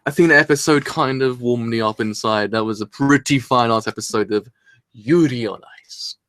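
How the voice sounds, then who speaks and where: A man doing a live reaction review from his room, rambling excitedly and swearing casually, with a sore throat. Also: mid-range voice, moderate pace, dry recording. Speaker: anime reviewer.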